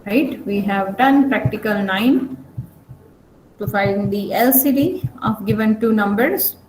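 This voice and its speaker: A woman's voice: medium pitch, slow pace, a little mellow. A woman teaching a programming class online, often stopping to check whether students follow. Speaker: programming lecturer. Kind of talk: online lecture. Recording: echoey room, faint noise.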